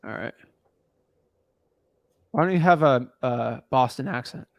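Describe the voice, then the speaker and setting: A young man from the United States giving casual, slangy coaching advice on a call, thinking out loud as he looks things up. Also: medium pitch, measured pace, creaky, no echo, studio quality. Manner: laid-back, slangy, talks through what he looks up. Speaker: real estate wholesaling coach.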